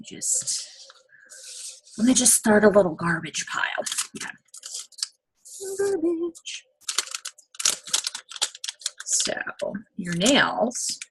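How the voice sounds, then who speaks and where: A woman's voice: medium pitch, expressive, normal speed, background noise. A woman giving a casual step-by-step nail application demonstration, checking in often with "okay?". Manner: chatty, step-by-step instructions with frequent "okay?" check-ins.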